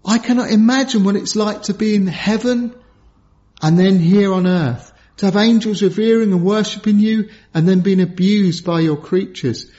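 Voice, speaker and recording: A man preaching a sermon in an earnest, pleading way, dropping low and soft for emphasis. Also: moderate pace. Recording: dull lo-fi sound.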